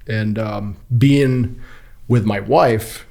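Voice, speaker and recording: A man from Kuwait in his thirties, a podcast guest telling stories in a casual, animated way and acting out the quoted voices. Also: lowish voice, very slow, creaky. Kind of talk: casual storytelling interview.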